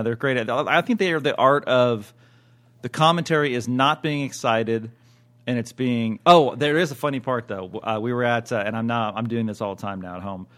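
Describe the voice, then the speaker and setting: With a mid-range, fairly bright voice, this American podcast co-host chats in a loose, rambling manner. He keeps restarting his sentences, drops in plenty of fillers, and is quick to laugh.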